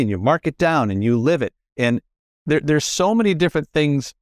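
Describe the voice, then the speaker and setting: A man's voice: fairly high pitch, expressive, normal speed, dry recording. Earnest middle-aged man, dry sound. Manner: earnest, repetitive, self-correcting. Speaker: podcast guest. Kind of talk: casual spiritual conversation.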